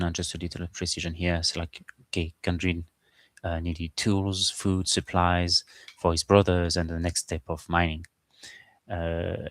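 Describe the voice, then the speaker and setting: A man as game master, talking through his game prep in a halting, informal, think-aloud way. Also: low-pitched, dry recording. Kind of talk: casual game prep screen-share.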